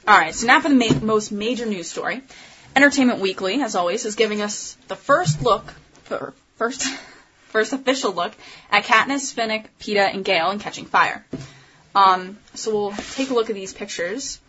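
A young woman with a bright, forceful voice chats casually as a podcast co-host, full of fillers and restarts. The recording is dull and lo-fi, with a faint hiss behind her. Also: medium pitch, moderate pace. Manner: chatty, with many fillers and restarts. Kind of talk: casual chat about entertainment news.

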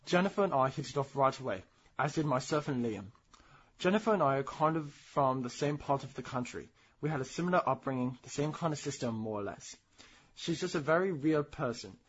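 A man's voice: mid-range voice, animated, fairly quick, husky. A man reading out a young male actor's answer to a fan question, in his own plain voice. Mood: earnest. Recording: dull lo-fi recording.

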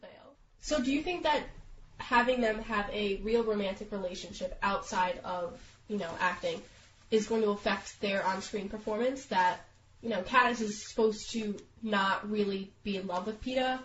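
Sick young woman cohosting, monotone, lots of ums, dull echoey room sound. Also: mid-range voice, moderate pace, a little hiss or hum. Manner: flat, monotone delivery with fillers. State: sick, congested. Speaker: podcast co-host. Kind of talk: casual chat. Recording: dull, roomy lo-fi recording.

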